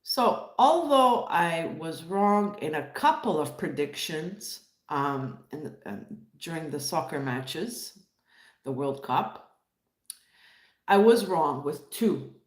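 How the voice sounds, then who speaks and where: Montreal woman chatting on her live stream, lowish voice, greets people in chat, kinda echoey room. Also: sing-song, takes it slowly. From Montreal, Canada. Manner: chatty, reads chat, greets viewers warmly by name. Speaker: livestream host.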